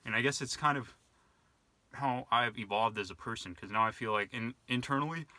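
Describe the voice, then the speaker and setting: Bright-voiced man musing to camera. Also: mid-range voice, a little fast, no echo. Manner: rambling, reflective, many fillers and restarts. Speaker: vlogger. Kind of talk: casual monologue to camera.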